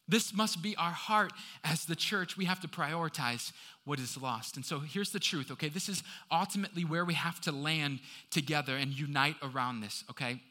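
Brief: male pastor, high, very bright voice, urgent sermon with repeated key lines. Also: normal speed. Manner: urging, repeats key phrases to drive points home.

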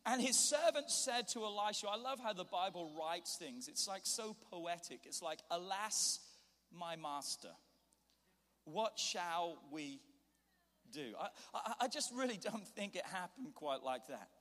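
A man preaching a sermon, telling a scripture story and acting out its scenes with animated voices. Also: high-pitched, normal speed, hardly any pauses. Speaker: pastor. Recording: long hall reverb.

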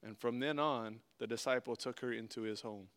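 A man's voice: medium pitch, steady tone, normal speed, fairly bright tone. A male preacher giving a sermon, reading scripture aloud and then explaining it in an earnest, conversational way.

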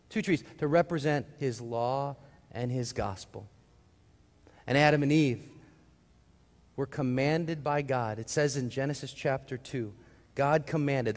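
A man's voice: medium pitch, darkish tone, big-room sound. A man preaching a sermon as pastor, putting questions to the congregation and answering them himself. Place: church sanctuary.

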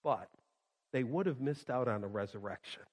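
A male pastor preaching a sermon, swinging from loud emphasis to hushed quiet and repeating phrases for emphasis. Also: medium pitch, normal speed. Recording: long hall reverb.

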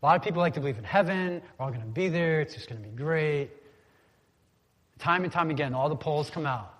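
Male pastor with a slightly high voice; preaches casually, has the room repeat key words, church hall with a long echo tail. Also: expressive, a little fast. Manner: conversational, asks congregation to repeat words. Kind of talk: sermon. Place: church sanctuary.

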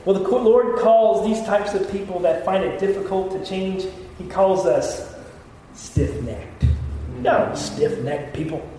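A man's voice: high voice, a little slow, dark tone, a little hiss or hum. A middle-aged male pastor preaching a sermon, telling personal stories with self-deprecating jokes. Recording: echoey hall, mic at a distance.

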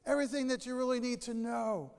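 A male pastor preaching a sermon, telling stories with animated delivery and dramatic pauses. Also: extremely high pitch, gravelly, smooth, long reverb tail.

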